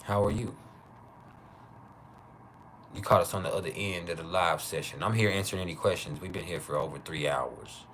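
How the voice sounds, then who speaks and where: Laughing bright-voiced man on a livestream. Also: low-pitched, a little hiss or hum. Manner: loose, joking, laughs often, drawn-out names. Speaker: livestream host. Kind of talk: casual live chat with viewers.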